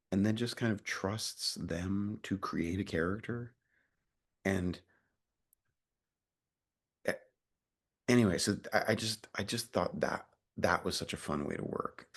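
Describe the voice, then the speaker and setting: Gravelly deep-voiced man, rambling interview. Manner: rambling, many fillers and restarts, swears casually. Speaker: actor being interviewed. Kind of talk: casual interview chat.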